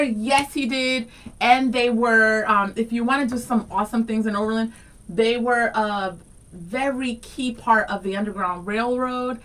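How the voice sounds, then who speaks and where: An enthusiastic female co-host chats on morning radio in a fairly high voice, full of fillers and excitement. She sits a little away from the mic, so she sounds distant. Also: unhurried. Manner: bubbly and enthusiastic, with many fillers. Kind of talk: casual radio chat.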